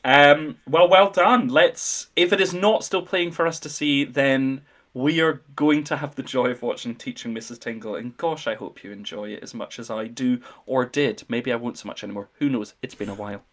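A man's voice: medium pitch, moderate pace, a bit bright. A man hosting a film podcast, playful and enthusiastic as he quizzes his co-host. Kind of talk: casual chat.

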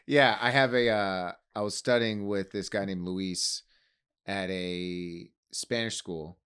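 A man's voice: sits low, steady tone, takes it slowly, fairly bright tone, clean tone. A man co-hosting a casual podcast chat, joking and asking mock-incredulous questions. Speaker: podcast co-host.

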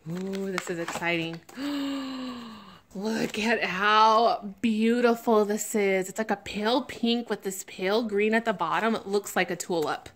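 A woman gushing emotionally as she unboxes a reborn doll, close to tears with excitement. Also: mid-range voice, unhurried. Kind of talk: unboxing vlog.

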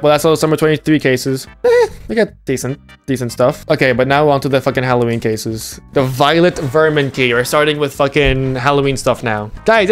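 Swearing and excitable, this young streamer riffs jokily as he cracks open game cases. His voice, on the high side to begin with, leaps upward when the hype hits.

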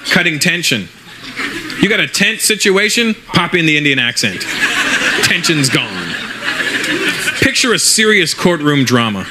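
A man's voice: a little high, very animated, measured pace, long pauses, heavy background noise. A male stand-up comedian performing a routine with a punchy, conspiratorial delivery to a live crowd. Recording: loud live audience laughter.

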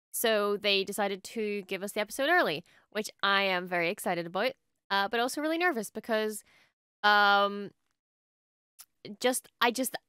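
A young woman hosting a casual reaction video, excitable and quick to swear and gush. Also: medium pitch, smooth, no room sound, clean studio sound. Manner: excitable, swears often, gushes.

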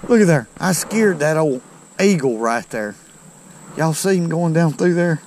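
A man's voice: on the high side, expressive, unhurried, a little mellow, slight background noise. A man hosting a fishing video outdoors by a creek, talking to viewers in a folksy, exclaiming way. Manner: folksy, exclaiming over each catch. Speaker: fishing channel host. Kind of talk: casual outdoor narration to viewers.

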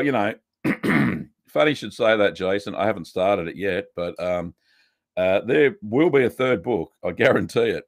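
An Australian man hosting a casual live stream, chatting in a relaxed way and greeting viewers one by one. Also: lowish voice, no echo, clean studio sound.

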